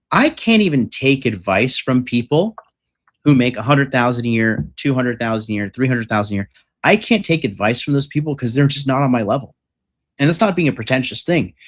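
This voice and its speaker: A man's voice: mid-range voice, husky. A man coaching on dating and success in a ranting monologue, profane, boastful and combative.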